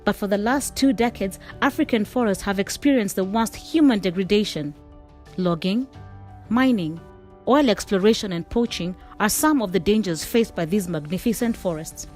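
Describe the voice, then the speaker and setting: A woman giving measured, scripted documentary narration. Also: mid-range voice, darkish tone, faint music behind.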